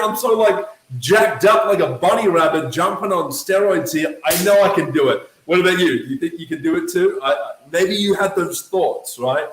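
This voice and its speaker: A man with an Australian accent telling a lively motivational story about network marketing, acting out the voices he quotes. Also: high voice, normal speed, reverberant, slight background noise, rough recording. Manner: energetic, acts out quoted voices.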